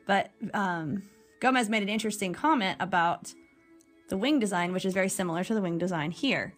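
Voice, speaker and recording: A woman's voice: mid-range voice, fairly quick, soft background music. Chatty woman reviewing jewelry. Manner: chatty, rambling with many ums. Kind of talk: casual product review.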